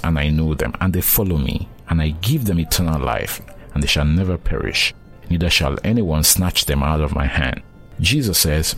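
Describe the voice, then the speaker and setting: Male preacher, very deep voice, earnest sermon, fervent emphasis, faint music underneath. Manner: earnest, rising to fervent emphasis on quoted scripture; addresses listener directly as friend.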